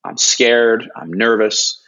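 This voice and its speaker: A young man with a low voice tells a story in an interview, earnest and animated, acting out what people said. His speech is full of restarts and fillers. The audio is dull and muffled. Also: slow pace, gravelly. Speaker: hockey broadcast analyst.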